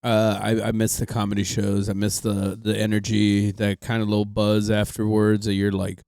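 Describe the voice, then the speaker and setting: A man's voice: lowish voice, moderate pace, no echo, clean studio sound. A young man hosting a podcast, joking around and swearing casually. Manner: relaxed, joking, swears often. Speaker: podcast host.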